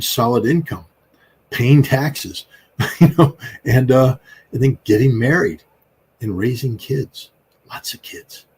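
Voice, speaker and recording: A man's voice: medium pitch, darkish tone, slightly rough, low-quality recording. An American man in his sixties, speaking as an interview guest in a rambling, emphatic way with frequent fillers. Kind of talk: casual interview talk.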